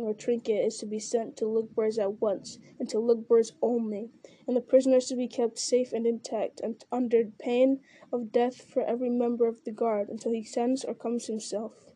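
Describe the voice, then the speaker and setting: A growling male orc captain, gruff and commanding, as a woman narrator puts him on. The voice is very dark and mellow, pitched a little high, and the recording is close and dry. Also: level tone, normal speed, no echo, close to an everyday voice. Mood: stern.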